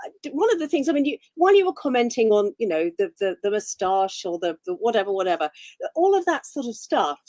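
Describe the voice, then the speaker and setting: A woman's voice: on the high side, very animated, fast, dark tone, no echo. A woman from England with an English accent, a guest on a talk show, chatty and wry. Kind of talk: casual chat.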